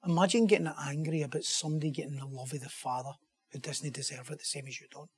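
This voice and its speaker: Impassioned preacher. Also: male voice, on the high side, steady tone, quick pace, breathy edge. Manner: impassioned, builds to loud emphatic rhetorical questions. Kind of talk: sermon.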